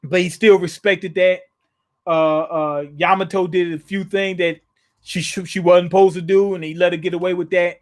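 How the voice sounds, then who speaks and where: A man's voice: sits high, flat delivery, moderate pace. A man hosting a live comic reaction, reading scenes aloud and retelling them in casual slang, often restarting and chuckling. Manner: casual, slangy, paraphrases scenes in his own words. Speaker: manga reaction host.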